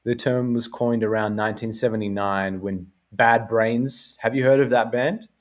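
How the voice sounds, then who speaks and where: A man's voice: medium pitch, steady tone, normal speed. A man with an Australian accent hosting a casual podcast chat, rambling and laughing often. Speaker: podcast host.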